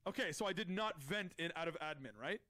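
A man with a notably high voice gives running commentary while he plays a game on stream. He is excitable and loud, bursting out in shouts and saying the same words over and over, captured close on his own mic. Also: fast talker, no room sound. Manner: excitable, loud outbursts, repeats himself. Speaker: streamer playing a social deduction game.

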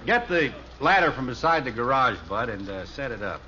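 An actor playing a cheerful, patient father in 1950s radio acting, good-humored and coaxing, on a dull old radio recording with loud hiss. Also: medium pitch, big pitch swings, a little fast, close to an everyday voice. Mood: easygoing. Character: cheerful patient suburban father, grown man.

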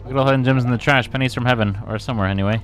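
A man's voice: mid-range voice, rapid-fire, a bit bright, soft background music. Joking young man streaming a game. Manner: joking, profane, reads on-screen dialogue aloud. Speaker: streamer playing a video game. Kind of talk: casual gameplay commentary.

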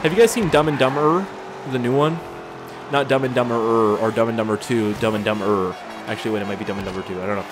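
A man's voice: mid-range voice, quick pace. A man giving crude, rambling, joking commentary while playing a racing game. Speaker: gameplay commentator. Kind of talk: casual gameplay commentary. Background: game music and car engines.

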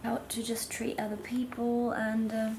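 A woman's voice: on the high side, monotone, unhurried, background noise. A young woman chatting casually in a self-filmed vlog at home, often dropping to a near whisper. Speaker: vlogger. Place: her home. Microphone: camera held by herself.

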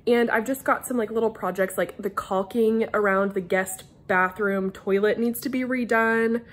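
Sitting on the couch in her living room, a young woman vlogs casually to the camera, sharing updates about the house in a rambling, somewhat scattered way. She speaks at a moderate pace in a medium pitch with fairly even intonation.

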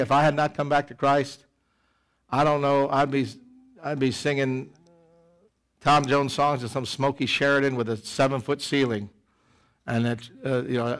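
In a church sanctuary, a middle-aged pastor delivers an animated sermon with a mid-range voice. He moves back and forth from loud, emphatic passages to quiet asides.

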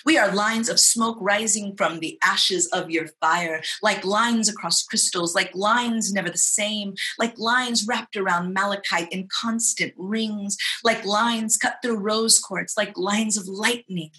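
A woman's voice: medium pitch, a little slow, hardly any pauses, sharp tone. A woman poet from Texas performing spoken word poetry, with rhythmic, incantatory repetition.

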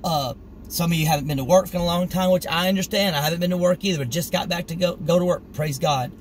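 A man's voice: a little high, fast talker, slight background noise, low-quality recording. A middle-aged man preaching informally on scripture, earnest and conversational, acting out the story with animation. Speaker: street preacher.

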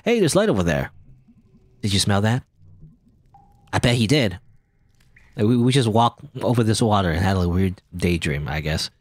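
A man hosting a let's play, reading game dialogue aloud and commenting in a playful, animated way. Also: fairly low pitch, normal speed, long pauses, breathy edge, dry recording. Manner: animated, playful, voices characters.

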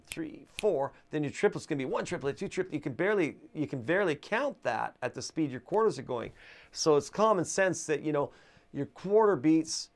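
A man's voice: a little high, vocal fry. A man teaching a guitar lesson in a casual, chatty way, counting beats aloud as he strums. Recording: guitar playing loud behind voice. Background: acoustic guitar strumming.

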